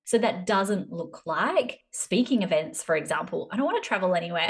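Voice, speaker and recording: A woman's voice: mid-range voice, expressive, normal speed, few pauses. Chatty Australian woman podcaster. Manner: chatty and self-deprecating, with playful asides. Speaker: podcast host, business coach. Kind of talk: casual solo podcast talk.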